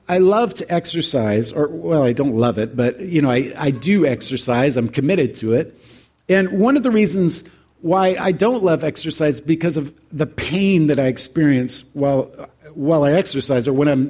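A man's voice: on the high side, darkish tone. A man in his forties telling a heartfelt personal story to an audience in a reflective, conversational way. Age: 40s. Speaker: speaker addressing an audience.

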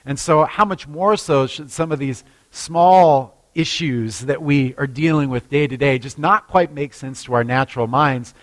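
A male pastor preaching a sermon, telling a story in a lively way with frequent restarts. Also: mid-range voice, measured pace, few pauses.

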